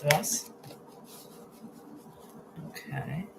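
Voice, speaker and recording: Heavy background noise surrounds this low-voiced woman, who talks a little slowly. As a healthy-eating coach live-streaming from her home kitchen, she chats and thinks aloud while chopping, with restarts and pleased hums when tasting.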